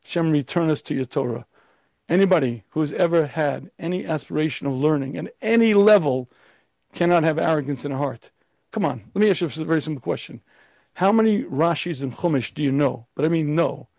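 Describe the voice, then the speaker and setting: A man's voice: fairly high pitch, a little fast, creaky, a little mellow, no room sound. A man giving an emphatic Torah lecture as a rabbi, firing off rhetorical questions and now and then putting on a pompous, arrogant voice.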